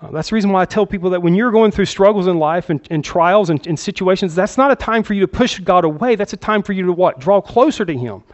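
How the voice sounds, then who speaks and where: Man preaching, slightly high voice. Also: lively intonation, fast talker, few pauses, dull audio. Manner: conversational preaching, frequent "okay?" check-ins. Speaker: pastor. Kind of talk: sermon. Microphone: handheld microphone.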